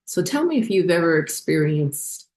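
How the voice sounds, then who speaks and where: A woman hosting a spiritual vlog, talking unhurriedly with many fillers as she glances at her notes, her voice getting hoarse. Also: on the low side, big pitch swings, normal speed, a little mellow. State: losing her voice. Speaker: spiritual channel host.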